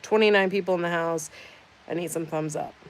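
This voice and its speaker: A woman's voice: lowish voice, fairly even intonation, brisk, slight background noise. A woman hosting a casual livestream, reading out chat comments with sarcastic, teasing banter. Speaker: livestream host.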